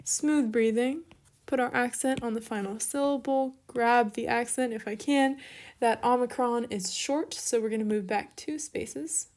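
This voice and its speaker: A young woman explains Greek verb forms one step at a time as she writes, with brief apologies along the way. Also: fairly high pitch. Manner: steady, step-by-step explaining while writing, with small apologies. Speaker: Greek teacher. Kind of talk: online lesson walkthrough.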